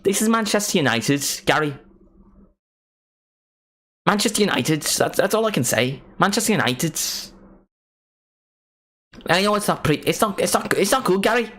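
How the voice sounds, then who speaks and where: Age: young adult. Figure: a man mimicking a whiny Manchester football pundit. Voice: high, exaggerated Mancunian. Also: animated, normal speed, long pauses, a bit bright. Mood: mock indignant. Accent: Mancunian impression. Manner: repetitive, exaggerated, high-pitched.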